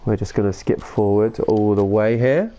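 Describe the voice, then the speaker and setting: A man, chatting casually as a live streamer, reacting excitedly and reading viewer comments aloud. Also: lowish voice, normal speed. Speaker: gaming streamer.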